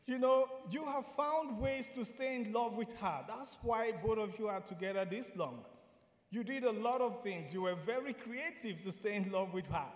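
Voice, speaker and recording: A man from Nigeria preaching a sermon, earnest and repeating key phrases, sometimes singing lines slowly. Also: sits high, roomy sound, long reverb tail.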